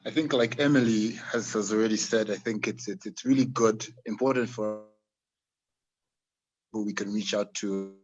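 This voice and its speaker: A man from Uganda who makes chocolate with farmers, answering a panel question haltingly over a video call and repeating words. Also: lowish voice, highs cut off, faint music behind. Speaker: chocolate maker working with farmers.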